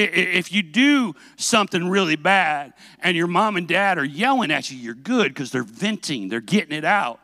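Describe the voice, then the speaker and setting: A man preaching a sermon, telling a self-mocking story with animated delivery and asking the congregation questions. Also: high voice, no echo.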